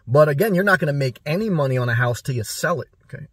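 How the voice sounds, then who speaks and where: A man's voice: a little high, animated, breathy edge, no room sound, clean studio sound. A man vlogging a direct-to-camera advice talk, preachy and repetitive, firing off rhetorical questions. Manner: preachy, rapid rhetorical questions, repeats himself.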